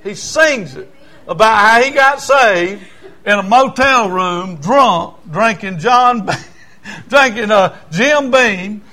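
A man's voice: high-pitched, animated, slow pace, sharp tone. A male preacher, telling stories in a sermon in a folksy, stammering way. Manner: folksy, stammering restarts, chuckles. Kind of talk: storytelling sermon.

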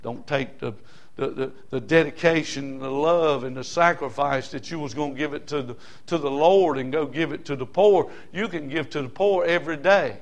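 A man's voice: on the high side, normal speed. A male pastor, preaching a folksy, humorous, emphatic sermon to a congregation in church.

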